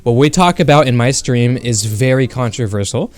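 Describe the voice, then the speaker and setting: A man's voice: medium pitch, lively intonation, normal speed. A young man streaming from home into a desk mic, rambling bluntly with profanity and lots of fillers. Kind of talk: casual livestream chat.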